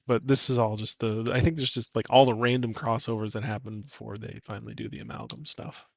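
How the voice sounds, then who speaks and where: A man's voice: lowish voice, expressive, brisk, creaky, no echo. Laughing co-host man, casual and offhand, a bit muffled and dry. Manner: laughs often, offhand remarks. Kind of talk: casual live-stream chat. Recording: slightly dull, muffled sound.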